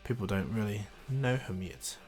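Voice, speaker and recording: A man's voice: on the low side, lively intonation, normal speed, a little mellow, soft background music. A man casually retelling an anime crossover fan story, rambling and correcting himself as he goes.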